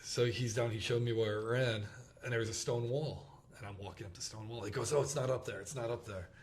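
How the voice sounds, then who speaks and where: A man in his thirties telling a hunting story in casual chat, acting out the quotes with quick laughs. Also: medium pitch, steady tone. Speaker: podcast host. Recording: roomy with faint background noise.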